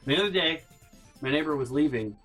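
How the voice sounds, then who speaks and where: Sick guy vlogging, out of breath, super animated and fed up, kinda high voice. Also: a little fast, soft background music. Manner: exasperated, incredulous rants with repeated no's. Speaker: vlog host. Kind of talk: casual storytelling monologue.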